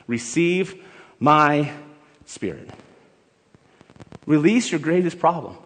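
A man preaching a sermon, emphatic and building to loud exhortation, in a church sanctuary. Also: a little high, animated, takes it slowly. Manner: emphatic, rising to shouted exhortation, leads the congregation in song. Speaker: pastor. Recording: long hall reverb with faint music.

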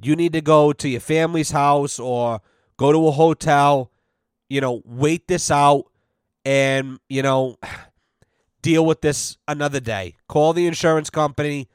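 A man's voice: a little high, fairly even intonation, a little slow, clean tone, dry recording, studio quality. A man telling a rambling, profane work story on his podcast, full of fillers and quoted back-and-forth dialogue. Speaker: podcast host. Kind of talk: casual storytelling.

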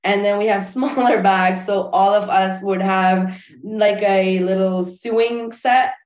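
A woman's voice: medium pitch, takes it slowly. Woman wedding planner in an echoey room. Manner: relaxed, frequent fillers and restarts. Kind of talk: casual interview chat.

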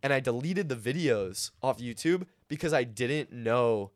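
A man's voice: medium pitch, lively intonation, a little slow. Chill young guy rambling on a podcast, lots of slang. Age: young adult. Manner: laid-back, slangy, rambling storyteller. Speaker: podcast co-host. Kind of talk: casual chat.

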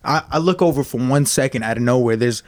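A man's voice: mid-range voice, quick pace. A young man in casual chat, teasing his friends with joking banter.

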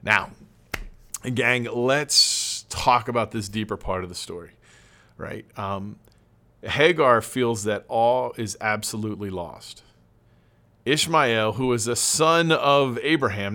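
A male pastor retelling a Bible story in a casual, animated sermon, often addressing listeners as "gang". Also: medium pitch, slow pace.

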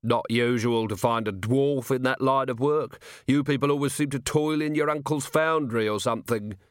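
A man voicing a weary, blunt watch commander with a dry, deadpan manner, in an audiobook reading. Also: mid-range voice, normal speed, dry recording, lightly acted. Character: weary gruff middle-aged male city watch commander. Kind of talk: audiobook character voice.

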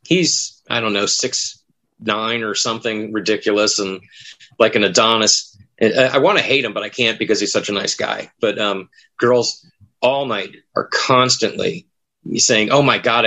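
A man who acts at a haunted attraction tells rambling stories in casual chat, his voice fairly low and sharp in tone. He acts out the lines people said.

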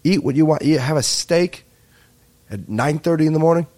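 Rambling young podcast host. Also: male voice, a little high, normal speed. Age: 20s. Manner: rambling, excitable and profane. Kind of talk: comedic podcast monologue.

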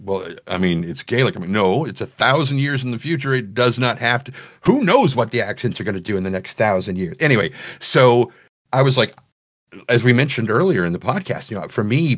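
A man who narrates audiobooks, talking animatedly as a guest in a casual podcast interview. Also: medium pitch. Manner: animated, chatty, self-correcting restarts.

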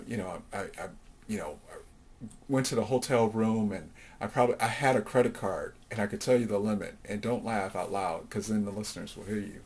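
Low-voiced man telling his life story. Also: a little mellow. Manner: reflective storytelling, many fillers, acts out quoted voices. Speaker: interview guest. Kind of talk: personal life story in an interview.

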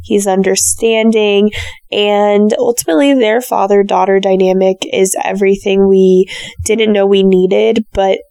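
Hoarse, raspy woman giving a chatty recap. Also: medium pitch, steady tone, a little slow, dark tone, no room sound. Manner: chatty, opinionated, gushing. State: hoarse, sore throat. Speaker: reality show recap host. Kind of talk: casual solo recap commentary.

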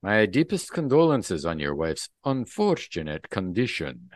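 A man's voice: deep voice, very animated, dry recording. A man putting on a hammy vampire-style Soviet agent. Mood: oily. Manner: slow, theatrical, overdone accent. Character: smooth Soviet male liaison with a hammy vampire-style accent.

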